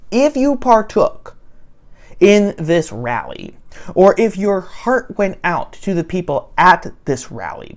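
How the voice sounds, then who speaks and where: A man hosting a solo political commentary show, sarcastic and animated, often turning to the listener with "okay?". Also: on the high side.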